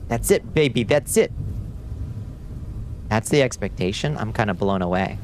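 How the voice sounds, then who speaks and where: Hosting a livestream, a man gives excitable, casual commentary on his gameplay, chatting with viewers and swearing and yelling whenever he gets frustrated. His pitch is fairly low and his pace moderate, with a little hiss or hum in the recording.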